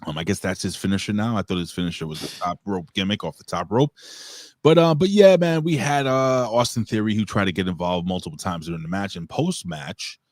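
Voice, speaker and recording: A man's voice: low voice, a little fast, few pauses, no echo. A man hosting a casual wrestling review show, joking and slipping into announcer-style hype. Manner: animated, announcer-style shouting bits. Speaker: show host.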